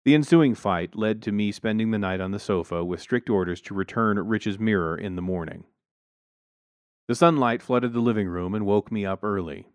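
Low-voiced man narrating wryly. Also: normal speed, clear, resonant tone, dry recording. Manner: dry, wry storytelling. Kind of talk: first-person story narration.

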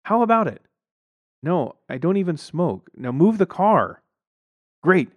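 Man voicing a glad-handing neighbor, high and loud, salesy, pushy, storybook reading, dry. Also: sing-song, a little slow, dry recording. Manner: loud, overly friendly, salesy.

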